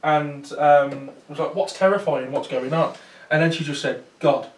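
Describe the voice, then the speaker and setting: The speaker is a man with a fairly high pitch, a flat delivery and a moderate pace. As a paranormal investigator addressing a small audience, he tells a rambling story with many fillers and restarts, captured far off in a roomy space.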